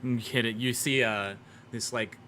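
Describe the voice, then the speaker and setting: A man narrating a tabletop game as game master in a relaxed way, with many fillers and restarts. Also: medium pitch, moderate pace, slight background noise.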